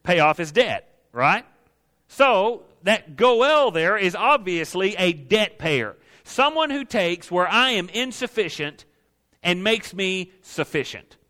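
A man's voice: sits high, sing-song, slow pace, bright, forceful tone. A man preaching a sermon, folksy and emphatic, speaking directly to his congregation. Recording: long hall reverb.

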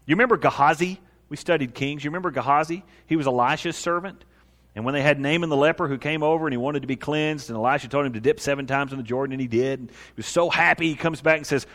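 A man preaching a sermon, retelling Bible stories with lively storytelling and voicing the figures in a lowered tone. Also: fast talker, in a large hall. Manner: animated storytelling, acting out biblical figures in a lowered voice. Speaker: pastor.

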